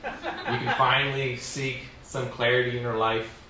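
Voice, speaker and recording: A man's voice: mid-range voice, little pitch movement, a little slow, sharp tone. A man doing stand-up comedy at a small venue, telling stories in a rambling, self-mocking way full of "like" and "you know.". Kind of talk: stand-up storytelling. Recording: very echoey room, distant mic, faint noise.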